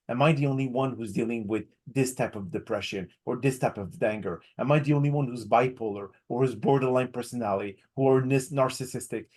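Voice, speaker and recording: A male podcast host talks in an earnest, explanatory manner, building his points through repeated phrases. His voice sits at an average male pitch, in a relaxed interview conversation. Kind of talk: casual interview.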